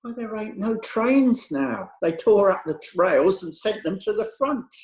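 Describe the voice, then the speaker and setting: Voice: medium pitch, very animated, a little slow, heavy background noise. Someone doing a cheeky old clerk, dry comebacks, voice goes up and down a lot, echoey room. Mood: sly. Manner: dry, cheeky, laconic backtalk. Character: sly, insolent old male town clerk. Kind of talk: comic stage reading.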